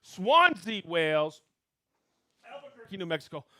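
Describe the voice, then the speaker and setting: Bright, high-voiced upbeat male host. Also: big pitch swings. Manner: upbeat, reads out viewer names and hometowns with quick greetings and laughs. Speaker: live stream host. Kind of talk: live stream shout-outs to viewers.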